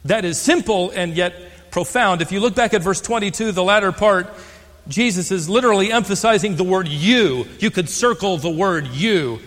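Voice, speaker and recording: An older American man preaching a sermon as pastor, stressing key words and slowing for emphasis. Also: sits high, fairly bright tone, big-room sound. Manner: emphatic, slows on key phrases.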